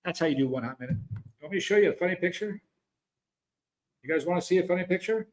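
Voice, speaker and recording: A man with a fairly high voice hosts a casual livestream. He talks loosely to his viewers, reads their comments aloud and often breaks off to restart his sentences. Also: expressive, quick pace. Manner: chatty, rambling, self-interrupting. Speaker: livestream host.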